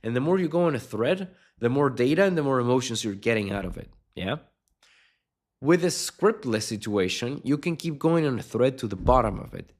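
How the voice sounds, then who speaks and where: A man's voice: mid-range voice, expressive, a little fast. A man coaching on sales in an unscripted video lesson, blunt and swearing constantly, with punchy emphatic delivery.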